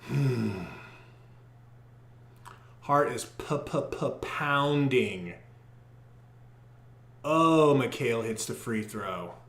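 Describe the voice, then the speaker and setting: A young man doing live fan play-by-play on a podcast stream, muttering then shouting as plays unfold, on a poor microphone. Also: medium pitch, reverberant. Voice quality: profane, partisan fan commentary. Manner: excitable, swings from muttering to shouting. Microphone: poor quality microphone.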